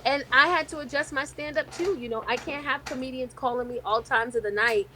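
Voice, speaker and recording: A woman's voice: sits high, brisk, bright, forceful tone. A woman comedian chatting casually as a podcast guest, telling stories and acting out the voices of people in them. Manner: storytelling, acts out quoted voices. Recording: noisy background hiss.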